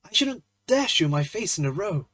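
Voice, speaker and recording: A man's voice: high-pitched, very animated, normal speed, fairly bright tone, husky, no echo, voice pushed up, exaggerated voice. A man playing a sulky, flustered young man. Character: poor, charming young man, sulky and embarrassed.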